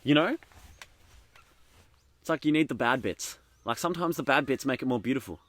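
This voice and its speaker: Male podcast co-host, mid-pitch, easygoing storyteller who rambles and chuckles outdoors. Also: animated, brisk, fairly bright tone. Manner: rambling, lots of ums and laughs. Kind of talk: casual chat. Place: outdoors in the bush.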